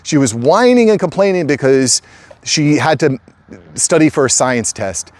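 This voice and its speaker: In casual direct-to-camera talk, a middle-aged host addresses his viewers as "guys," stressing and repeating his points. His voice is fairly high, a little mellow, with big pitch swings and an unhurried pace.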